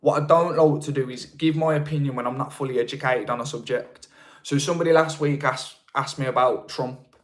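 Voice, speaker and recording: A man's voice: medium pitch, fairly even intonation, a little fast. A man with a Birmingham accent, chatting casually on a live stream and answering viewer comments. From England. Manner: chatty, rambling, with frequent restarts. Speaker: livestream host.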